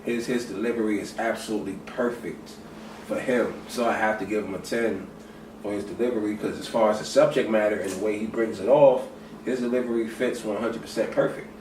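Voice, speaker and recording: Emphatic low-voiced man, echoey room. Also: steady tone, a little fast, darkish tone. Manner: emphatic, repeats his points. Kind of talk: casual discussion. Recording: roomy echo, distant mic, clear noise.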